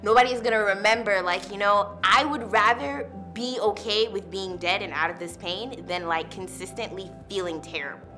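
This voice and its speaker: A woman's voice: mid-range voice, normal speed, few pauses, music in the background. A young woman, a university student, telling her personal testimony in a candid, casual way, full of "like" and "literally". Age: young adult.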